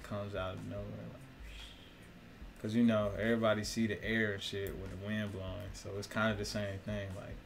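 A man hosting his own video channel, talking loosely and profanely in a rambling monologue, laughing often and throwing questions at viewers. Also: fairly low pitch. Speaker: vlogger, host of own channel. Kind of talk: casual rambling monologue to camera.

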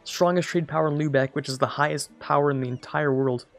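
Gravelly man rambling over a strategy game. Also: on the high side, steady tone, fast, faint music behind. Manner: rambling, self-correcting, jokey asides. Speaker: let's play host. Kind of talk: casual gameplay commentary.

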